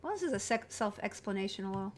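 A woman's voice: mid-range voice, animated, fast talker. A woman live-streaming a video game in casual, chatty talk, scattered and reading viewer comments aloud as she goes.

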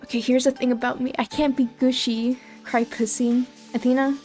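A woman's voice: high voice, little pitch movement, moderate pace, a little mellow, soft background music. A young adult woman streaming casually, bubbly and gushing, with lots of "like" in her talk. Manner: bubbly, gushing, heavy use of filler "like". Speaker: VTuber streamer. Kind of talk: casual live-stream chat.

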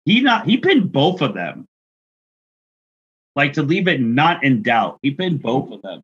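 A man with a mid-range, husky, somewhat bright voice co-hosts a casual podcast, running the review and asking his co-hosts what they think. His pitch swings widely at a measured pace, and the sound is lo-fi.

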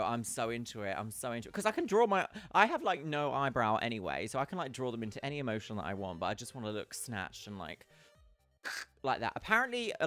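A woman's voice: extremely low pitch, dry recording. A woman streaming a game live and chatting casually. She greets her viewers by name and calls them "my love". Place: at home.

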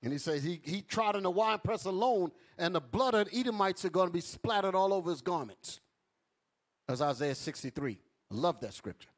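A man's voice: high-pitched, animated, fairly quick. A man teaching a Bible class in an emphatic preaching style, calling out to his listeners. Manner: emphatic, calls out to the audience.

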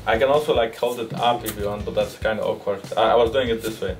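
A man's voice: on the low side, steady tone, quick pace. A young man joking around on a video shoot, laughing often between his lines. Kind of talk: joking behind-the-scenes chat. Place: studio set during a video shoot.

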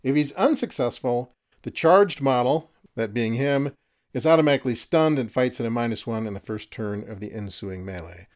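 A man narrating and refereeing a horror miniatures game, chatty and quick to laugh at his own jokes. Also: medium pitch. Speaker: game master.

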